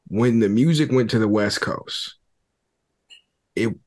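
A man with a fairly low voice hosts a casual podcast chat. He talks things through thoughtfully and at an easy pace, stopping to build his theories. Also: slow pace. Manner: thoughtful, lays out theories in a relaxed way. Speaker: podcast host. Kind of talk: casual conversation about hip-hop.

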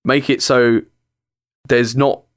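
A man's voice: mid-range voice, little pitch movement, no room sound. A young man talking as a guest on a casual gaming podcast, rambling and restarting his sentences, recorded on a close mic. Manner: rambling, halting, many restarts.

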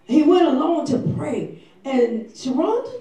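A woman pastor preaching a lively sermon, telling the story with slangy acted-out quotes and often shouting. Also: sits high, measured pace. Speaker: senior pastor. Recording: echoey church hall from far off.

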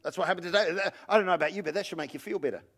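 A male pastor giving an animated sermon and calling on the congregation to respond. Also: sits high, very fast, vocal fry, breathy edge. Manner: animated preaching, calls on the congregation.

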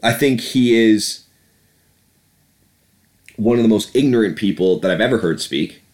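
A man's voice: on the low side, lively intonation, a little slow, darkish tone. A man ranting about politics on a podcast, profane and sarcastic. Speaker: podcast host. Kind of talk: casual political rant.

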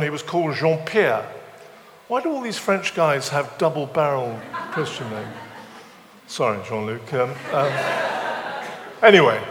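A man's voice: a little high, long reverb tail, noisy background. A man preaching a sermon, mixing scripture with humorous stories and self-deprecating asides. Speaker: visiting preacher. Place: church weekend away venue, large room.

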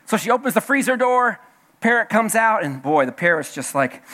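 A man's voice: high voice, sing-song, a little fast, pushed and bright. A man preaching a sermon as a church elder, folksy and joking, repeating himself and restarting phrases, in a church service with a congregation.

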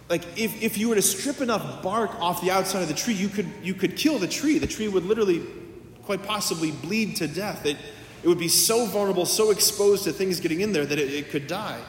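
A man's voice: high-pitched, a little hiss or hum. Man, priest, sermon, conversational storytelling, echoey church. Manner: conversational storytelling with quoted dialogue.

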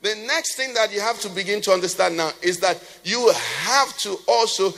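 A man's voice: high voice, moderate pace, vocal fry, a bit bright. A man preaching a sermon as pastor, asking the congregation questions and letting them finish his sentences. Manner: asks the congregation questions and has them fill in the answer. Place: church hall. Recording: long church reverb.

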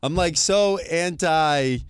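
A man, co-hosting a casual chat show, teasing his partner with quick jokes. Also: fairly high pitch, smooth, dry recording, studio quality. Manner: wisecracking, teasing, laughs at partner's stories. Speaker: podcast co-host.

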